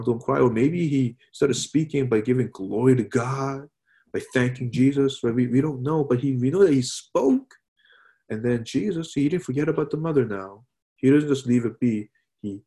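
A man delivers a sermon in an easygoing, conversational way, checking in with his listeners with frequent asides. His voice sits at an ordinary middle pitch, and he drops to a hushed softness whenever he quotes someone. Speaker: pastor.

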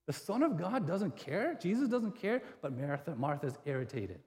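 Lively preacher in an echoing hall. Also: male voice, fairly high pitch, moderate pace. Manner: conversational preaching with rhetorical questions. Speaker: pastor. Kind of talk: sermon. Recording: hall reverb.

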